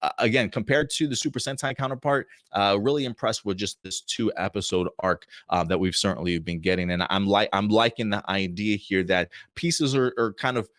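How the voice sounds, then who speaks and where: Male host, low-ish voice, casual and excited, loose rambling delivery, dry recording. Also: fairly quick, few pauses, dry recording. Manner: enthusiastic, rambling, with many restarts. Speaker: show host reviewing TV episodes. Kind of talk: casual review talk.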